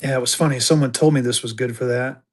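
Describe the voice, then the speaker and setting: This man has a mid-range voice, a steady tone, and talks fast. He sells banknotes on a live stream, chatting casually in auction style, using fillers, and thanking the people who buy.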